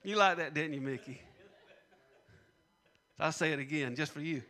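A man's voice: on the high side, moderate pace, pushed and bright. A man preaching a sermon, repeating punchlines and leading call-and-response with the congregation. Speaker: pastor.

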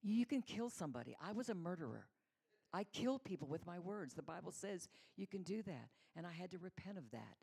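A woman's voice: lowish voice, a little fast, vocal fry, slightly rough. A middle-aged woman teaching a sermon, telling personal stories and acting out the voices in them. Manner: animated storyteller acting out voices. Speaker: women's Bible teacher.

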